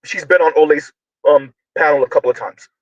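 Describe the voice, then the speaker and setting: A man delivering a loud, emphatic commentary monologue, often shouting, full of slang, repetition and rhetorical questions. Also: a little high, a little fast, no room sound, dull audio. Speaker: online commentator.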